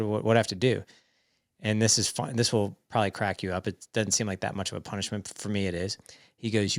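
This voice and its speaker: A man's voice: on the low side, no echo, clean studio sound. A man in his forties, a podcast guest, telling casual stories and acting out family conversations as he goes. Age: 40s. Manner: animated, quotes family dialogue in stories. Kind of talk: casual storytelling chat.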